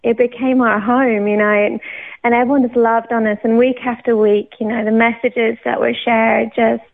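A woman in her thirties telling her personal faith testimony in an animated way, laughing often. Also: fairly high pitch, normal speed, gravelly. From England. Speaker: guest sharing her faith story. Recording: tinny phone-line sound.

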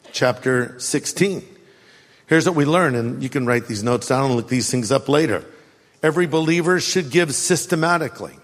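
An older man preaches a sermon in a fairly high voice. He moves between animated storytelling, wry sarcasm and firm repetition. His words ring out with a long reverb, as if he is recorded in a large hall. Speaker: pastor.

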